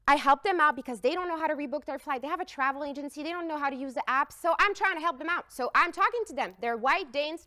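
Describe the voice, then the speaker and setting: A woman speaks in a high voice that swoops up and down, and her delivery is emphatic and heartfelt. She tells her story to the room with expressive energy, and the sound is close and dry, with no echo. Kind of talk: storytelling talk.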